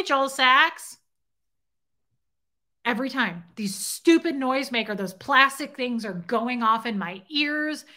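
Bright-voiced woman ranting to her stream. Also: high voice. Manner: blunt, animated, swears and greets chat viewers. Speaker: livestream host. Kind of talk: casual livestream storytelling.

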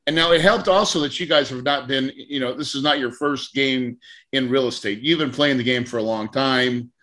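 A man's voice: medium pitch, moderate pace, pushed and bright. A man hosting a podcast interview, telling a story with animation, acting out conversations and laughing often. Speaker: podcast host and real estate mentor.

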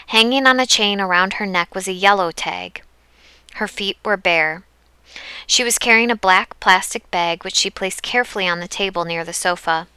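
Bright, clear woman narrator. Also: mid-range voice, dry recording. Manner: steady, even storytelling. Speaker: audiobook narrator. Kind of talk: scripted narration.

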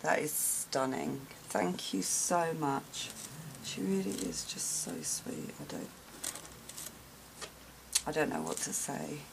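A low-voiced woman with a gravelly edge speaks slowly and softly in a casual vlog, gasping and gushing as she opens gifts. Paper crinkles, and noticeable noise sits behind her voice. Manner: soft, slow and gushing, many gasps and sighs. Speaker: craft vlogger opening gifts.

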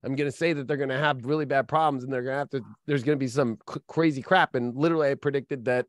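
A man's voice: medium pitch, fairly even intonation, quick pace, dry recording. Rambling male astrologer, dry close sound. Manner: rambling, filler-heavy storytelling. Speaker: astrologer guest. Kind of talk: casual podcast conversation.

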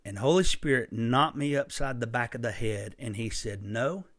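A man's voice: mid-range voice, moderate pace, no echo, clean studio sound. Impassioned male preacher telling a story. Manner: impassioned, emphatic, with sudden loud bursts. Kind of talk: sermon storytelling.

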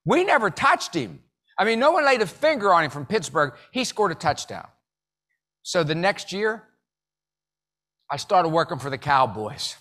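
Bright, animated male motivational speaker. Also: high-pitched, normal speed, long pauses. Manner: animated, leads the audience in call-and-response; jokey storytelling with sudden loud bursts. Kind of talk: live motivational keynote.

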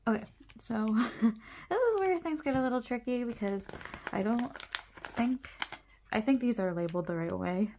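Young woman rambling about her collection, bit of vocal fry, laughs a lot, faint hiss behind. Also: a little high, a little mellow. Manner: rambling, laughs often, self-correcting. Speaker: vlogger sorting photocards. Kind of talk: casual chat.

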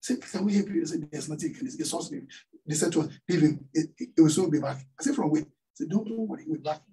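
A man's voice: fairly high pitch, animated, very fast, warm tone, distant mic, low-quality recording. A man preaching a sermon, telling a story and tossing questions out to the congregation. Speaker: pastor. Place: church hall.

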